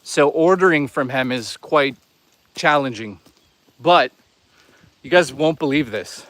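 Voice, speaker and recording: A man's voice: mid-range voice, slow, a bit bright, no echo. A young man live-streaming as he walks outdoors in the woods, chatting in a crude, rambling, joking way. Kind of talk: casual live-stream chat while walking.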